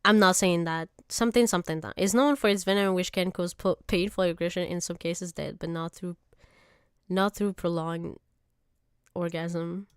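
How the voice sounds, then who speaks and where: A woman streamer in casual reaction chat, profane and exaggerated, quick to laugh. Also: lowish voice, steady tone, clean tone, dry recording, studio quality.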